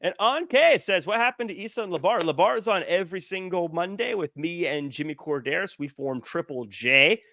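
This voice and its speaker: A man's voice: high voice, expressive, brisk, hardly any pauses, pushed and bright, no room sound, clean studio sound. A man hosting a podcast in casual chat, joking and reading viewer comments aloud into a headset mic. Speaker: podcast host.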